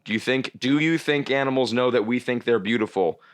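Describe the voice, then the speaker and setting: A man's voice: mid-range voice, brisk. A man, a comedian, telling a long story on a podcast in a rambling, casual way, with many restarts and frequent swearing. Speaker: comedian guest.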